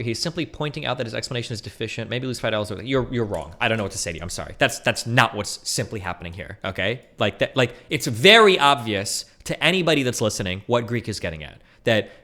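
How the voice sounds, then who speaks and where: A fast-talking man commentating on his livestream. He argues heatedly and swears freely, and his pitch swings widely as he drops into mocking voices. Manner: fast, heated, profane arguing with animated mock voices. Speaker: streamer reacting to a debate.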